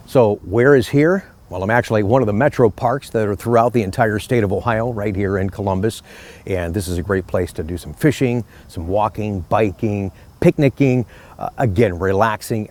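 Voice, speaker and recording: A man's voice: lowish voice, darkish tone. A middle-aged man, a car salesman hosting his own channel, chatting casually and telling friendly stories outdoors in a park. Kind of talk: casual outdoor vlog talk.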